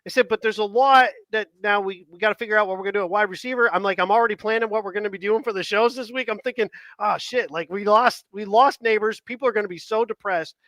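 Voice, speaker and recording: A man's voice: high voice, racing, hardly any pauses, pushed and bright, no room sound. A man co-hosting a sports podcast in casual chat, rambling and asking long, winding questions. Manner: acts out quoted dialogue. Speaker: podcast co-host.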